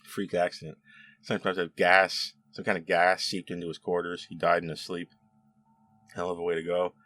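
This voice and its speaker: A man hosting a casual spoken review, chatty and animated, with frequent laughs and restarts. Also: sits low, moderate pace, soft background music. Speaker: show host reviewing episodes.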